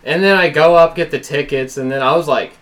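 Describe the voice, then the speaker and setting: A man's voice: a little high, a little fast. A man in casual podcast chat, telling rambling stories with some swearing. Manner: laid-back, rambling anecdotes with swearing. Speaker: podcast guest.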